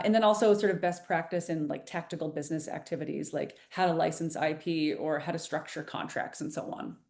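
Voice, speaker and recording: A woman's voice: lowish voice, a little mellow, echoey room. A woman presenting an informational webinar, explaining the program in a loose, conversational way with many fillers and restarts.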